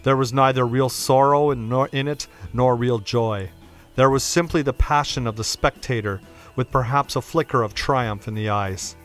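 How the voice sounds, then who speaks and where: A man reading a classic novel aloud as narrator, in a steady, measured, dramatic way. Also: mid-range voice, soft background music. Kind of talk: audiobook reading of classic fiction.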